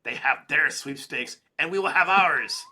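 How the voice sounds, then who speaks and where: A man hamming up Doctor Doom, pompous and booming. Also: a little slow, sharp tone, exaggerated voice. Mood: proclaiming. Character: grandiose male supervillain monarch, pompous and booming.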